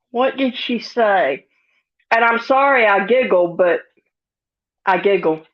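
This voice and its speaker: A woman's voice: medium pitch, slow pace, long pauses, muffled recording. A woman hosting a casual livestream, greeting chatters in a folksy, giggly drawl and sounding a bit sniffly. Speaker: livestream host. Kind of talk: casual live chat reading comments.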